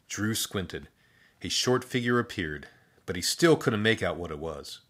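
Lively low-voiced male storyteller. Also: unhurried. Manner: expressive, animated reading. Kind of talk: storybook narration.

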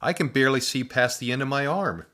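A man voicing an excitable, chatty young boy who talks in high, eager bursts. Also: fast talker, close to an everyday voice. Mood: excited. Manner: high, eager, breathless outbursts.

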